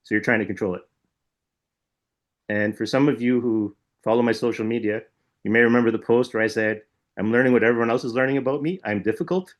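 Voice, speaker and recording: Male podcast co-host, mid-pitch, chatty and rambling storyteller. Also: fast talker. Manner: rambling, animated retelling with frequent "like" and "right?". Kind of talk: casual chat, storytelling.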